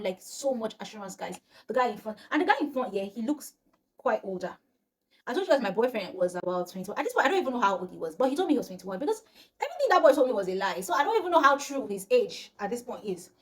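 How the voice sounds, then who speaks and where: Fast-talking young Nigerian woman storyteller. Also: a little high. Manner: animated, chatty storytelling to viewers. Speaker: vlogger. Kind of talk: storytime vlog.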